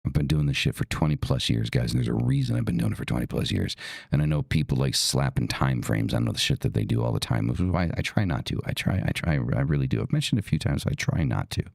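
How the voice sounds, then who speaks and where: Very deep, gravelly-voiced man. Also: animated, fast, no echo. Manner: blunt and profane, emphatic. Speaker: podcast host. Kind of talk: casual talk.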